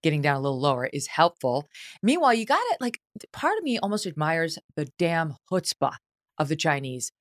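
Woman host with a lower voice, lively and mocking, recorded dry. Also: a little fast, dry recording. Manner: animated, mocking quoted voices. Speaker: podcast host. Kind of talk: casual political chat.

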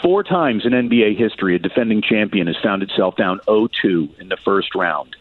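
A man's voice: fairly low pitch, lively intonation, brisk, no room sound. A man calling into a sports radio show as a guest, giving blunt, opinionated analysis over a tinny phone line.

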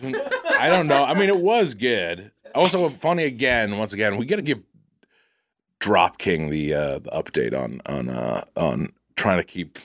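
Brief: male podcast co-host, lively swooping delivery, profane and rambling, dry close mic. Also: lowish voice, a little slow, no room sound. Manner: animated, profane, rambling with restarts. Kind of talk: casual comedic chat.

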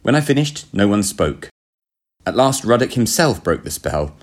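Man reading a diary story aloud, kinda pompous, lowish voice, swings up and down a lot. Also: big pitch swings, moderate pace. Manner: pompous, self-satisfied diarist. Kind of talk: scripted first-person narration.

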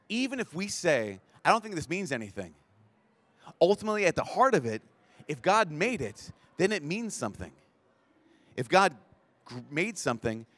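A priest with a slightly high voice gives a conference talk to a live audience at a large event, recorded dry. He tells stories animatedly, acting out the people in them, and stumbles into restarts when excited.

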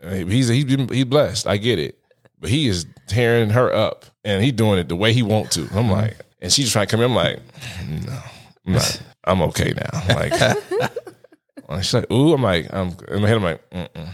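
A man's voice: on the low side, big pitch swings, normal speed. A man in his thirties, a podcast guest, telling a story in casual chat, acting out his own reactions and laughing often. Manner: laughs often while talking.

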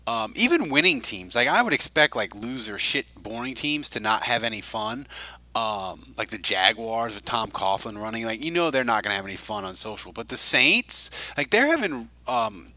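Young guy hosting, rambles a lot, says like constantly, very bright voice, dry sound. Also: medium pitch, normal speed, no room sound, poor audio. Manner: rambling, animated, full of "like". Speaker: podcast host. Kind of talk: casual chat.

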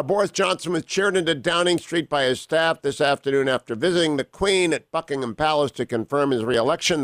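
Man, radio talk host, booming theatrical greetings, dry close sound, interview. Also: a bit bright, dry recording.

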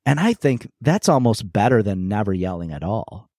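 A man's voice: on the low side, very animated, moderate pace, a little mellow, no echo, studio quality. A middle-aged man co-hosting a podcast, telling personal stories in a reflective, candid way with frequent restarts. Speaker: podcast co-host. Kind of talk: casual conversational podcast chat.

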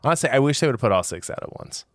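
A man hosts a podcast in casual chat, joking and rambling with frequent restarts as he interrupts himself. His mid-range voice is animated and rapid-fire, captured at studio quality with no room sound.

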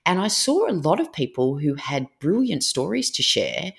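A woman author and presentation trainer, a guest in an interview, telling stories in a lively way with frequent fillers. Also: sits low, moderate pace, creaky. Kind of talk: interview conversation.

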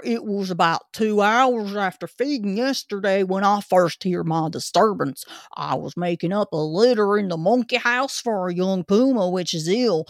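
A woman voicing a grumpy but chatty old male zookeeper, talking in a rough working-class dialect. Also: mid-range voice, no room sound, studio quality, lightly acted.

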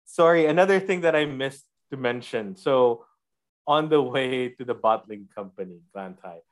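A man's voice: mid-range voice, moderate pace. A man casually recapping a TV episode for his co-hosts, retelling scenes and acting out the characters' lines with frequent laughs. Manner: animated storyteller, acts out quotes, laughs often. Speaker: podcast host recapping a TV episode. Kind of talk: casual chat.

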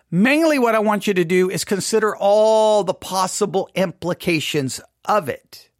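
A man leading an informal Bible study lesson, animated and questioning, acting out imagined objections. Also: sits high, dry recording, clean studio sound.

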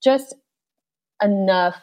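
Animated female podcast guest. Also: mid-range voice, very slow. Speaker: podcast guest, yoga instructor. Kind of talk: casual chat.

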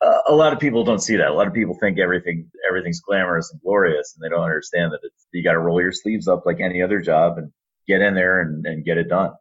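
Man, deep husky voice, animated storyteller in an interview, slightly dull lo-fi sound. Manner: animated storyteller, lively, acts out quotes. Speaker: arena public address announcer.

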